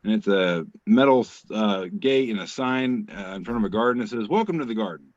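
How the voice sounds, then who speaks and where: A man's voice: fairly low pitch, animated, fairly quick, slight background noise. A man co-hosting a casual show, reading meme captions aloud with wry, swearing asides. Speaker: co-host. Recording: dull lo-fi call audio, dry.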